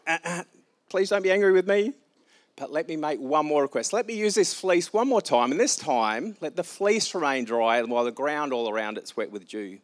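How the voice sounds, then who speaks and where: Speaking at a normal pace, a man gives an expressive, lightly acted performance as an anxious, doubting young hero from a retold scripture story. He pleads and raises his voice, pitching it higher and louder than his natural speaking voice.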